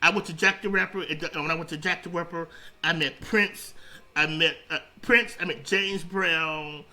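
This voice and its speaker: Appearing as an interview guest, a middle-aged man who founded a radio station spins animated stories at normal speed, wandering off track, repeating words and starting over. His voice leans high, and the recording quality is low.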